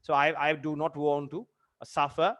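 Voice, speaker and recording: A young man in his twenties, a teacher telling a personal story in a lesson, earnest and halting with many fillers and repeated phrases. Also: on the high side, little pitch movement, fairly bright tone. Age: 20s. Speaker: literature teacher.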